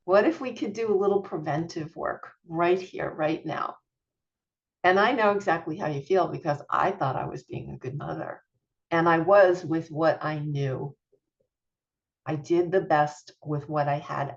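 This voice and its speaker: A woman's voice: on the low side, unhurried, muffled recording. A middle-aged woman, a parent coach, giving an online masterclass in an earnest, encouraging, chatty way with small laughs.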